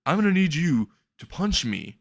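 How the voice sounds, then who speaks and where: A man's voice: fairly high pitch, very animated, moderate pace, gravelly, dry recording, clean studio sound, voice pushed up, exaggerated voice. A man voicing a burly, goofy adult male superhero who coaches in an offhand way.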